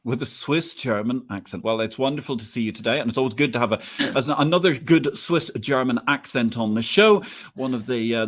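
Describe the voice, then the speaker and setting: A man hosting a livestream interview, opinionated, wry and wordy. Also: mid-range voice. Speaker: host.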